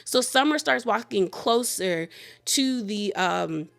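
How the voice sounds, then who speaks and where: A woman's voice: mid-range voice, expressive, slow, creaky, a bit bright, soft background music. Brief: a chatty woman doing a casual spoiler recap, filler-heavy, with side comments. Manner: chatty, lots of "like" fillers and aside reactions. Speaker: reviewer.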